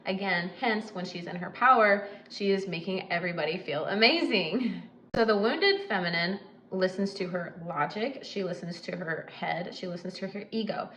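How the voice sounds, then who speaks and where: A woman's voice: fairly low pitch, normal speed, a bit bright, reverberant, slight background noise, low-quality recording. Chatty woman giving casual advice. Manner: chatty, emphatic, frequent laughs and asides. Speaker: host.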